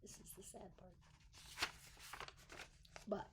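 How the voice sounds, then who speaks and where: A woman reading a picture book aloud in a gentle, soft way, drawing out some words. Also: lowish voice, animated, slight background noise. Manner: gentle, soft, drawn-out in places. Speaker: storyteller.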